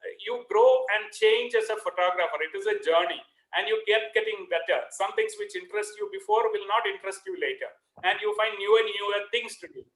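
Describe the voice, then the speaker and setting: A man gives a photography talk over a video call. His voice sits high and bright, and he speaks at an easy pace with frequent "uh" pauses. The sound is roomy and echoey. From India. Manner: relaxed, with frequent "uh" fillers. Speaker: guest speaker. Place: home room on a video call. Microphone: computer mic on a video call.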